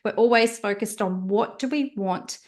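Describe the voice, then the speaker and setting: Woman, podcast guest, mid-pitched voice, animated, explanatory. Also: moderate pace. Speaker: podcast guest, marketing strategist. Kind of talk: podcast interview.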